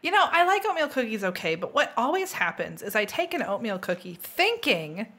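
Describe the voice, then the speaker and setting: A woman's voice: on the high side, brisk. A middle-aged woman co-hosting a board game podcast, chatting casually and telling stories with giggles. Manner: giggly, animated storytelling. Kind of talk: casual chat.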